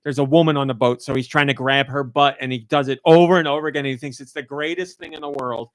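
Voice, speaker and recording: A man's voice: mid-range voice, fairly even intonation, fast, no echo. A man hosting a casual podcast, telling a family story animatedly and acting out quotes in a raised voice. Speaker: podcast host.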